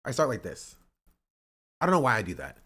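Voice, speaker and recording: Male streamer, casual reaction talk, medium pitch. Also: huge pitch swings, a little fast, fairly bright tone, slightly rough. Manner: chatty, repeats himself, reads chat aloud. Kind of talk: casual live-stream commentary.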